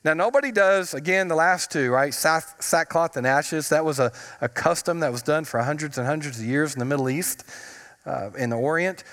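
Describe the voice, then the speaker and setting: A man's voice: on the high side, normal speed, a bit bright. A man preaching a sermon as a pastor, telling humorous stories and stretching out words for emphasis. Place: church. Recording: long reverb of a church sanctuary.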